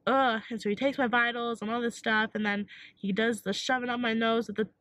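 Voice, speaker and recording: A young woman vlogging while sick with a sore throat, telling an animated storytime with lots of likes and acted-out quotes. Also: on the high side, brisk. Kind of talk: casual storytime vlog.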